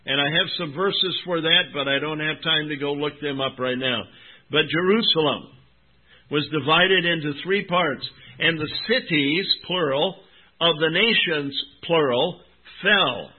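A man preaching a sermon, reading scripture with emphatic, drawn-out stresses and calling his listeners "my friend" and "folks.". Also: fairly high pitch. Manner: emphatic, drawn-out Bible reading, rising and dropping in volume. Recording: tinny phone-like recording.

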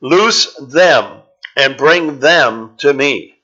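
A man preaching a Bible teaching sermon in a measured, explanatory way, pausing often with "uh". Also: mid-range voice, expressive, bright, forceful tone, muffled recording. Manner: measured, explanatory, with frequent "uh" pauses.

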